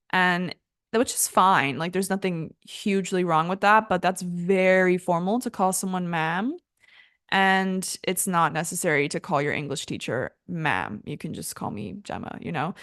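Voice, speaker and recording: A woman's voice: fairly low pitch, no room sound, studio quality. A young woman teaching an English lesson in a casual, chatty way, laughing easily at her own slips.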